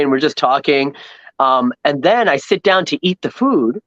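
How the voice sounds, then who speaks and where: A man from Long Island, telling a rambling, animated travel story as a podcast guest and acting out the people he met. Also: fairly high pitch, moderate pace, dry recording, highs cut off. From New York, Long Island. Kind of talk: casual storytelling chat.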